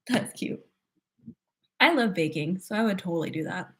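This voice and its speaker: A woman's voice: medium pitch, husky. Giggly young woman chatting on a livestream. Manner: chatty, giggly, thinks aloud with many "like"s. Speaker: livestream host. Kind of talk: casual chat answering viewers.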